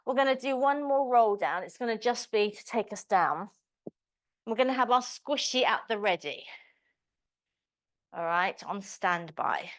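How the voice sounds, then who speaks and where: A woman's voice: mid-range voice, lively intonation, unhurried, pauses often. A woman teaching a live online pilates class, cueing moves with chirpy encouragement and chatty asides. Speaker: pilates instructor.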